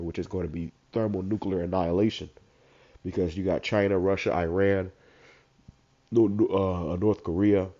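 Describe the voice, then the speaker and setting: A man with a stuffed-up voice who reads verses slowly, then comments on them in casual slang. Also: low voice, fairly even intonation, dark tone. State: congested, stuffed up. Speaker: street preacher. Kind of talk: informal scripture commentary. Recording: dull lo-fi recording.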